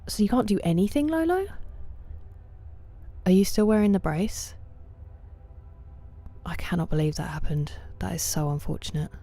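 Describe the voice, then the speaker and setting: A woman with a low voice chats with her stream viewers from a home setup at night. She greets people by name and answers their comments, her tone often sinking to a soft half-whisper. The close mic keeps her mellow, relaxed timbre right up front. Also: moderate pace, pauses often. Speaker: livestreamer. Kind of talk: casual chat with viewers while gaming.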